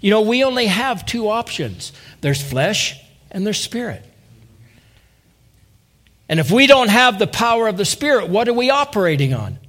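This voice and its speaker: A man's voice: high-pitched, very animated, moderate pace, pauses often, fairly bright tone. A man preaching a sermon to his congregation, earnest and rising to impassioned appeals, calling on listeners directly. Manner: addresses listeners as saints and by name.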